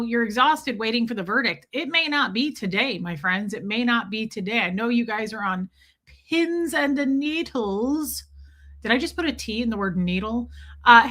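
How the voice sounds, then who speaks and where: A woman in her forties hosting a casual livestream, greeting viewers by name and joking with dark humor. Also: on the high side, expressive, moderate pace. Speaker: livestream host. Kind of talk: casual livestream chat reading viewer comments.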